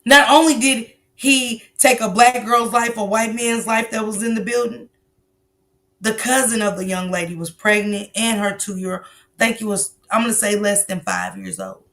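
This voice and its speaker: A woman hosts a casual livestream reacting to viral clips, her slightly high, expressive voice a bit bright and at normal speed. She bluntly critiques a clip, lectures on the lesson in it, and curses liberally.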